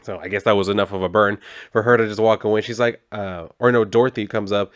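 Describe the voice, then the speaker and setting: A laid-back man recapping a comic book in loose, casual talk with plenty of swearing. His voice sits low and sounds dry and close, with no room echo. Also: fairly even intonation, fast talker.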